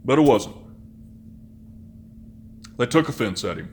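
A man preaching a sermon in a measured, emphatic way, slowing on key phrases and slipping into conversational asides. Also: medium pitch, very animated, a little mellow, breathy edge. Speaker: pastor.

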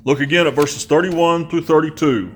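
A man preaching a sermon in a measured, emphatic way, slowing on key phrases and slipping into conversational asides. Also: a little high. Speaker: pastor.

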